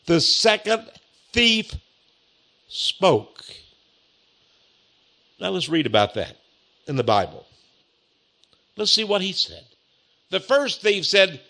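High, bright-voiced male preacher. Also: very animated. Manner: emphatic, repeats key phrases, reads scripture slowly. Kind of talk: sermon.

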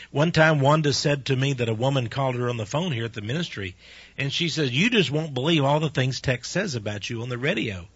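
An older man preaching a chatty radio sermon, laughing often and telling stories with animated ups and downs. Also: mid-range voice, husky, dry recording. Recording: dull, lo-fi dry radio recording.

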